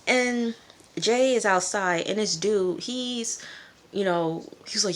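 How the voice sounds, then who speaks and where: A woman's voice: lowish voice, animated, a little slow. A woman casually recapping a TV episode, chatty and rambling, with lots of asides. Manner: rambling, chatty, full of asides and "you know". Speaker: TV reviewer.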